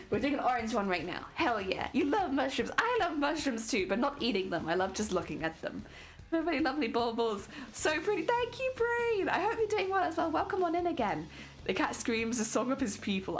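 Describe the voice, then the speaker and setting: A young woman with a British accent talks casually to her live-stream viewers as she works on a craft. Her voice swoops widely up and down in a sing-song way. Soft music plays faintly underneath. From Britain. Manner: chatty, greets viewers warmly, sing-song pitch jumps.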